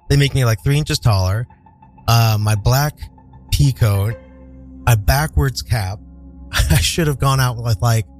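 A man hosting a radio show, telling a personal story in a candid, profane, animated way. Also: mid-range voice. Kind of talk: storytelling monologue. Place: radio studio.

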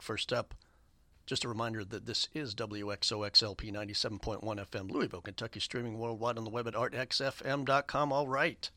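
An upbeat radio DJ reads out long lists of listener shout-outs, stumbling through fillers. His voice sits fairly low but comes across bright and forceful. The studio mic gives a close, dry sound. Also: no echo. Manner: upbeat, rambling with many fillers. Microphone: studio microphone.

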